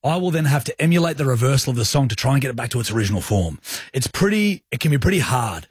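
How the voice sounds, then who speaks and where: Animated Australian male radio host. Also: mid-range voice, fast, husky, no room sound, studio quality. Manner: animated storyteller, acts out his own lines. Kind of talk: radio breakfast-show banter. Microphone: studio microphone.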